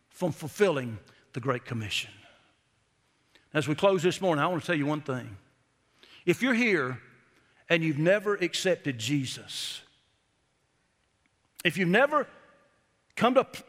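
A middle-aged man preaches in a church, telling folksy stories and slowing down to stress his key words. His voice sits high and rings bright and forceful. The sound carries a long reverb from the hall. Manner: folksy storytelling preacher, emphatic slowed phrases. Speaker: pastor. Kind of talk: sermon. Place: church sanctuary.

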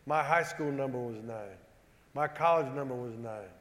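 A man telling a humorous, self-deprecating story to a live audience, animated and acting out the dialogue. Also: mid-range voice, moderate pace. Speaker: former football player giving a talk. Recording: echoey hall with long reverb.

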